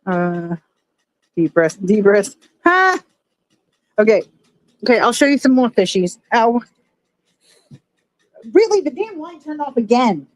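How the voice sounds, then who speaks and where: Very animated and a little high pitched, she speaks somewhat slowly with long pauses, and the recording is rough. She's live-streaming from her phone at home among her aquariums, talking to the chat about her fish tanks while swearing and griping at her gear in frustration.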